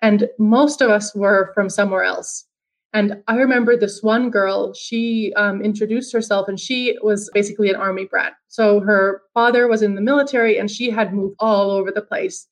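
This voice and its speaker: A woman's voice: medium pitch, steady tone, moderate pace, low-quality recording. A woman in her thirties from Finland, chatting casually on a podcast, telling stories with lots of restarts and quoted asides. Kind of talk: casual chat.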